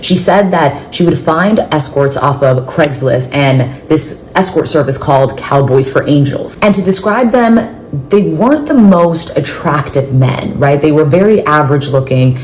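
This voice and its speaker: A woman reporter recapping court testimony in a measured, matter-of-fact way. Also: low voice, animated, a little mellow, slight background noise, rough recording. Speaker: news reporter. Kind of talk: scripted news report.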